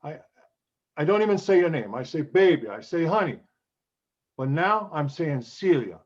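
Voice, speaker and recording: A man's voice: a little high, very animated, lo-fi sound. A man playing a desperate young husband begging his wife to stay, in an acting class scene over a video call. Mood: pleading. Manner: pleading, halting repetitions.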